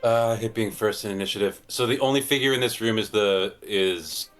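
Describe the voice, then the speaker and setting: A man plays his character in a tabletop game, talking casually and a little hesitantly. His voice is low, and faint music plays behind him. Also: normal speed, a bit bright. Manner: hesitant, with ums. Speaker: player.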